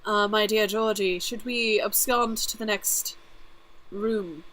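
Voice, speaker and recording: A woman voicing a pompous British gentleman with a put-on British accent and formal, stilted wording, in a tabletop role-play. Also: medium pitch, fairly even intonation, takes it slowly, low-quality recording. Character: pompous British gentleman, grandiose supervillain air.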